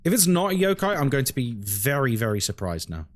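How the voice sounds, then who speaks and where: A very animated British man with a mid-range voice talks briskly while streaming a horror game live. Chatty and explanatory, he answers his chat and peppers his commentary with "like" and "um."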